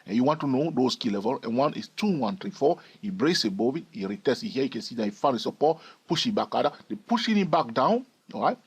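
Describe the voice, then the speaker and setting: A man's voice: mid-range voice, very animated, fast, few pauses, husky. A man giving a trading lesson over price charts, emphatic and repeating key phrases. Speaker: trading educator.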